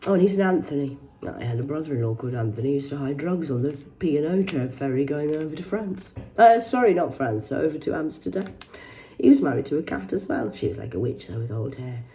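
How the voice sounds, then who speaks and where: In a rambling livestream vlog, a woman with a low, mellow, expressive voice reads news headlines aloud fast. She swears heavily and throws in mocking asides.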